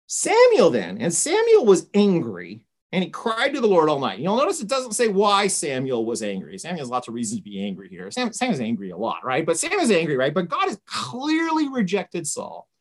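A woman's voice: fairly low pitch, wildly swooping pitch, moderate pace. A woman teaching a Bible study lesson in a conversational way, retelling the story with frequent asides.

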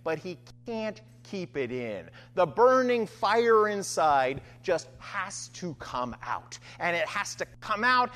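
A man preaching a sermon and reading scripture aloud, talking in an animated way with frequent "right?" asides. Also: sits high, takes it slowly, few pauses.

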